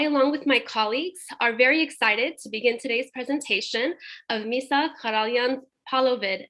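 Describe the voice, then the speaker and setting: A woman's voice: fairly high pitch, a bit bright. A woman moderating a webinar, reading an introduction of the speakers with some fillers.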